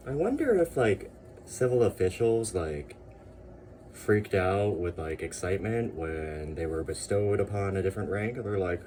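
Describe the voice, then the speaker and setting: A man's voice: low voice, expressive, a little slow, darkish tone, a little hiss or hum. A man vlogging as he sews and puts on historical Korean clothing, chatting casually with self-deprecating humor. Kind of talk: casual chat to camera.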